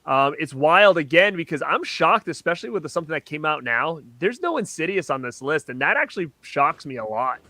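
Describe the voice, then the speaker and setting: Bright, chatty man laughing through a movie chat. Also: fairly high pitch, very animated, a little fast, hardly any pauses, no room sound. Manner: laughs often, loose and chatty, many fillers. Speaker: co-host of a horror movie show. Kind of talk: casual chat reviewing a ranked list.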